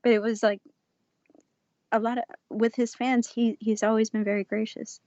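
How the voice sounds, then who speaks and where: A woman's voice: a little high, level tone, normal speed, mellow, no room sound. A woman guest on a podcast, chatting casually in an easygoing way and laughing often. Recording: slightly dull, lo-fi audio.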